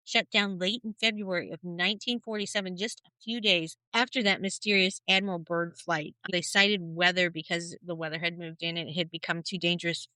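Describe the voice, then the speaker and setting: Female podcast co-host, casual storyteller, bright tone, dry close sound. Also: lowish voice, brisk, hardly any pauses, clean tone, no echo, poor audio. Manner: storytelling, animated, conversational. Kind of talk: casual conspiracy podcast chat.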